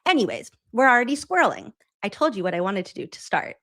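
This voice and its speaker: A woman's voice: fairly high pitch, sing-song, quick pace, fairly bright tone, no echo. A woman from hosting a casual chat, talking in a loose, filler-heavy way and laughing easily. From Massachusetts. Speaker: host.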